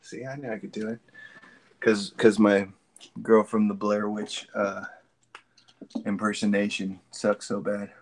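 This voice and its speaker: On a video call, a guest artist chats and jokes, rambling and muttering to himself as he works on his computer. His lowish voice is flat, a little slow, and he pauses often.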